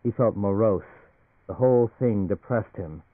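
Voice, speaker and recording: A man reading a novel aloud in a steady, even narration. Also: fairly low pitch, moderate pace, dry recording. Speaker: audiobook narrator. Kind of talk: scripted narration. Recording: phone-like narrow band, dry.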